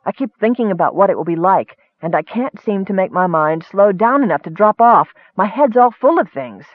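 A man voicing an excitable, naive young male kender who rambles on eagerly. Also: high voice, normal speed, no echo, pitched above the performer's own voice. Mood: excited. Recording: tinny phone-like sound.

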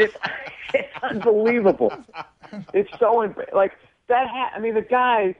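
A male comedian telling stories in a casual interview, lively and acting out other voices. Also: high-pitched, no room sound. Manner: animated storyteller, acts out voices. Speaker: comedian guest. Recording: tinny phone line.

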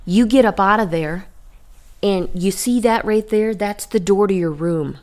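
A woman voicing a gentle male savior figure who calls someone up from the grave with calm, tender commands. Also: medium pitch, unhurried, natural voice. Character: gentle male savior calling the dead back.

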